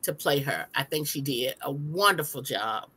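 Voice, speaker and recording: A woman co-hosting a movie review chat, talking thoughtfully with frequent pauses. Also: extremely low pitch, animated, bright, forceful tone, slightly rough. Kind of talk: casual chat.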